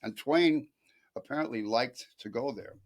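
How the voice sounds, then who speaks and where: A man chatting as a guest on a local TV talk show, halting and restarting as he tells a story. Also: medium pitch. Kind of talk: casual chat. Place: local TV studio.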